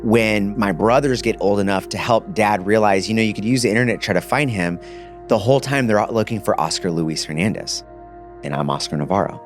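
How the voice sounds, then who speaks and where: A man in his thirties with a very deep, low-pitched voice shares a personal testimony on a podcast. He talks in a casual, animated way, with loose slang. Faint music plays quietly underneath. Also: brisk. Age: 30s. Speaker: podcast guest.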